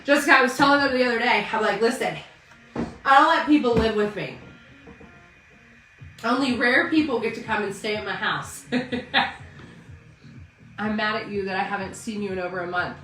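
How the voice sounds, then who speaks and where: A woman hosting a casual live stream selling wigs, bantering loudly and laughing with viewers. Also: medium pitch, unhurried, long pauses, far from the mic. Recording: roomy sound from off-mic with faint music.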